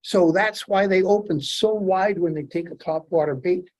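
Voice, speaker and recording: A middle-aged man from Canada telling lively fishing stories while demonstrating fly tying to a club audience. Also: high voice, normal speed. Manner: animated storyteller, acts out his own excitement. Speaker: fly tier, presenter.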